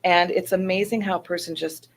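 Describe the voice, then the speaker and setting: A woman and Reiki practitioner talking in a casual interview, energetic and animated, acting out quotes as she tells her stories. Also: lowish voice, brisk. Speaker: Reiki practitioner, wellness center guest.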